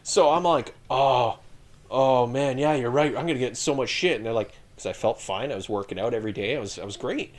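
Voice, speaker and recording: A man in his thirties tells army stories as a podcast guest. He talks casually and swears often. His delivery is animated, and he breaks into laughter along the way. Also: mid-range voice, a little fast. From Canada. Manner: profane, laughing, animated storyteller. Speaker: podcast guest, retired infantry soldier. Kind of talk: casual storytelling chat.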